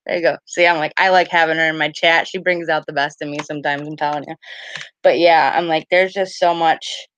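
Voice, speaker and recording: A woman's voice: deep voice, steady tone, fairly quick, fairly bright tone, no room sound. A woman in her thirties chatting casually on a live stream, rambling and peppering her talk with "like" and "I was like", greeting viewers by name. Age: 30s. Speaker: live-stream card reader. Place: home at night.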